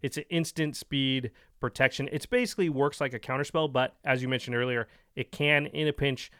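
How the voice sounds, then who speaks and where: Smooth-voiced man explaining card games. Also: medium pitch, fairly quick, no room sound, studio quality. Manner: relaxed, explains card rules in detail. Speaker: co-host. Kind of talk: casual card-game discussion.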